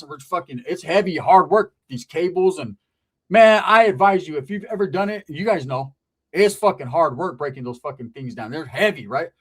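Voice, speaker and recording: Animated male comic telling a story. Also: fairly high pitch, slightly rough. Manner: animated, swearing street-slang storyteller. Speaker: comedian. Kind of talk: stand-up storytelling.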